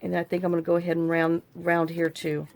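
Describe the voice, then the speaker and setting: Gravelly-voiced woman chatting while crafting. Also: on the low side, monotone, fairly quick, a little mellow. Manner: rambling, talks to herself while working. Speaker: crafting channel host. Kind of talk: casual crafting tutorial chat.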